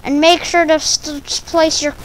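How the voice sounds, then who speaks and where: High-voiced woman rambling slowly. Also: little pitch movement, poor audio. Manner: silly, rambling, stumbling over words. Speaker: video creator. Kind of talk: rambling casual monologue.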